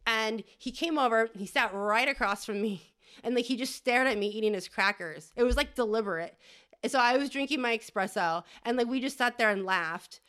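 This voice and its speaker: A woman's voice: fairly high pitch, moderate pace, fairly bright tone. A woman podcast host doing a rambling, crude comedic monologue, often tagging "okay?".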